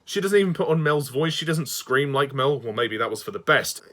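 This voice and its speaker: A man in the middle of a ranting fan review, his voice sitting at an ordinary pitch. He sounds exasperated throughout, breaking off to sigh and swear before pressing on with his complaints. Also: lively intonation, fairly quick, fairly bright tone.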